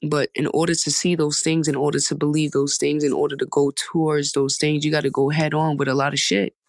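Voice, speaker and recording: A woman's voice: low voice, little pitch movement, brisk, no echo. A woman in her twenties hosting a podcast, talking in a heartfelt, rambling way with emphatic repetition. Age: 20s. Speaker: podcast host. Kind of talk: casual storytime monologue.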